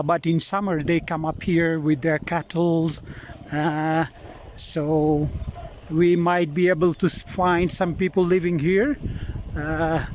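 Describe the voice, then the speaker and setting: A man narrating an outdoor travel vlog from a mountain road, addressing viewers as ladies and gentlemen with many hesitant fillers. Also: fairly high pitch, a little hiss or hum. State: out of breath. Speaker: vlogger guiding a mountain trip.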